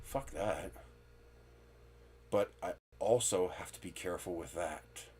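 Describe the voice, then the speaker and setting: A man's voice: deep voice, slow pace, darkish tone, slight background noise. A man hosting a live stream, chatting candidly and rambling from topic to topic, with the occasional swear. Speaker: livestream host. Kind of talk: casual live-stream chat.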